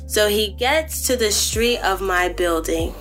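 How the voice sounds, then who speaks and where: Woman podcaster, casual storytime, salty and animated, talks straight to listeners, mid-pitched, light music bed. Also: takes it slowly. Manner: animated, profane, addresses listeners as guys and y'all. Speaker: podcast host.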